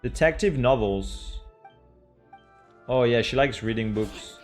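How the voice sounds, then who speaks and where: A man's voice: mid-range voice, slow, soft background music. A young man with a French accent, a streamer chatting casually with his viewers and sounding out names. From France. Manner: chatty, reads names aloud and laughs at them. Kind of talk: casual live-stream chat.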